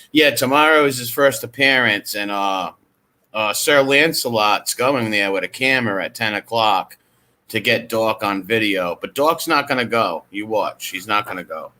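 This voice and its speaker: A man streaming, commenting on footage in a casual, excitable way and swearing freely. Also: fairly low pitch.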